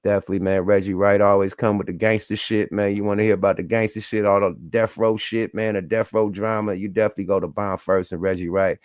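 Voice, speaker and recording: A man's voice: lowish voice, level tone, fast, hardly any pauses, dry recording, clean studio sound. A man hosting a live stream, reacting to clips in loose, profane casual talk. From US West Coast. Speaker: host.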